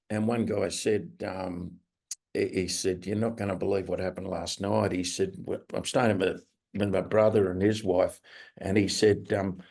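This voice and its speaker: A man with an Australian accent presenting a webinar, telling anecdotes and acting out quoted people in a higher voice. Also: gravelly, a little mellow. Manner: anecdotal, acts out quoted voices in a raised pitch. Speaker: webinar presenter on restorative practice. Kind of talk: storytelling presentation.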